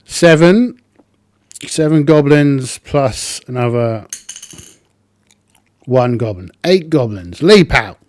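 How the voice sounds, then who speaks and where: A man's voice: mid-range voice, animated, slow pace, pauses often, clean tone, no echo. A man narrating his solo tabletop game, thinking aloud with plenty of ums.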